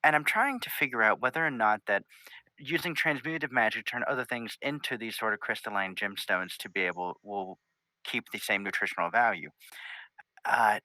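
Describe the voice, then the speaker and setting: A man's voice: fairly low pitch, a little fast, bright, forceful tone, dry recording, poor audio. A man voicing a tired, scholarly female pony princess who is flustered and hesitant, full of ums.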